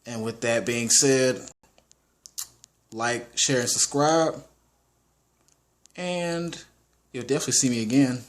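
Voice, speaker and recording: A man's voice: medium pitch, slow pace, pauses often. A man giving a casual, rambling movie review, full of restarts and slang.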